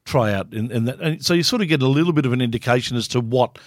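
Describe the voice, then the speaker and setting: A man's voice: mid-range voice, quick pace, dry recording, clean studio sound. A man interviewing a guest in casual chat, asking questions and laughing along.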